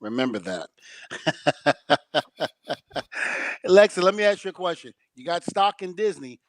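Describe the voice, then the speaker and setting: A man's voice: high voice, lively intonation, measured pace, no echo. Playful man co-host, dry close sound. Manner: playful, teasing, laughs often. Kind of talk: casual chat.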